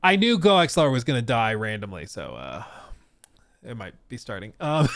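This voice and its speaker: A chatty male streamer talking casually with a lively, swinging pitch. His voice sits close and dry on the mic, with no room sound around it. He laughs often as he chats. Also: moderate pace, creaky, no room sound. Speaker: streamer host. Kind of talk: casual live-stream chat.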